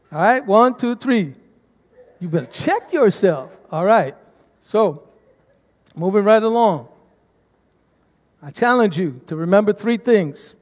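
A pastor delivers his sermon to a congregation, prompting them to answer back. His voice sits high for a man. The sound rings with a long church reverb. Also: a little mellow. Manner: preaching to a congregation, calls for responses. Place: church sanctuary.

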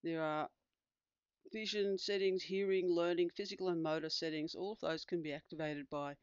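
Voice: mid-range voice, normal speed, smooth, no echo. Tutorial voice-over: patient instructor walking through settings, dry slightly muffled desk recording. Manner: calm step-by-step explaining with fillers. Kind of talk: screen-recorded tutorial demonstration.

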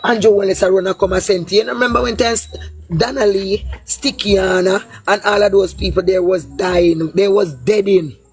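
A woman's voice: mid-range voice, fairly even intonation, moderate pace, a little mellow, husky, faint music behind. A woman with a Jamaican Patois accent giving a heated, casual political rant, blunt and profane, with a lilting sing-song delivery. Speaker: political commentator.

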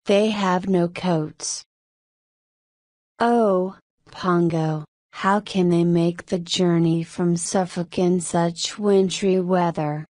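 A woman's voice: lowish voice, steady tone, slow pace, a little mellow, no room sound, clean studio sound. A woman reading the part of a devoted, anxious female dalmatian mother who speaks earnestly. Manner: earnest, fierce when roused.

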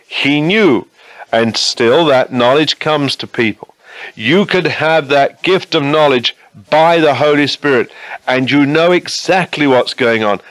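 A man's voice: fairly high pitch, fairly bright tone, no echo, poor audio. A man preaching a sermon in an earnest, conversational way, often asking his listeners questions.

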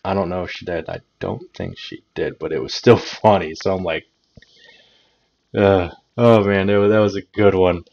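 Laid-back guy with a lowish voice, chuckles and stumbles over words, storytime vlog, dull lo-fi audio. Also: steady tone, moderate pace, vocal fry, a little mellow. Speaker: channel host, storyteller. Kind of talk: casual story time vlog. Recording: dull lo-fi recording.

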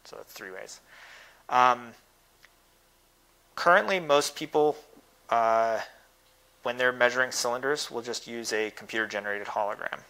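A man's voice: medium pitch, unhurried, long pauses, pushed and bright, poor audio. A man giving thoughtful, technical answers in an academic Q&A, with many small hesitations. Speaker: guest speaker answering questions.

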